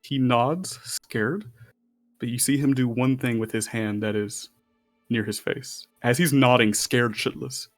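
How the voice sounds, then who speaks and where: A man narrating as game master of a tabletop game, in a loose, rambling way with fillers. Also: mid-range voice.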